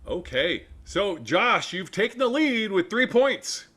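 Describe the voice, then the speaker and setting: Upbeat higher-voiced male quiz host. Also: very animated, slow pace, sharp tone, husky. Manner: playful, laughs at his own jokes. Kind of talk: game show hosting over video call.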